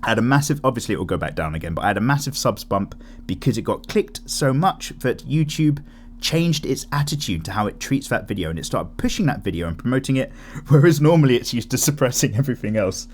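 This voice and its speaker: A young man hosting an art channel, rambling and animated in casual chat while drawing. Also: medium pitch, fast talker, a little hiss or hum. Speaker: YouTube art channel host.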